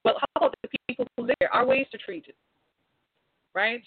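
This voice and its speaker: A woman's voice: high voice, animated, a little fast, gravelly, slightly rough, no room sound. A woman delivering an impassioned monologue straight to viewers, preachy and exhorting, full of rhetorical questions. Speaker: commentator. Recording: tinny phone-like sound.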